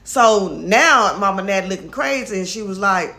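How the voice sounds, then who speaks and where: Bright-voiced woman casually recapping skits. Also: medium pitch, expressive, moderate pace, hardly any pauses. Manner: chatty, retells scenes by acting out quotes.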